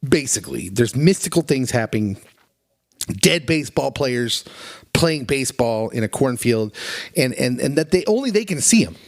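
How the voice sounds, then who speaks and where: A man co-hosting a podcast in casual chat, retelling movie scenes with animated, emotional delivery. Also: mid-range voice, moderate pace, gravelly, no room sound, clean studio sound. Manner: animated, emotional, acts out quotes in raised voice. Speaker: podcast co-host.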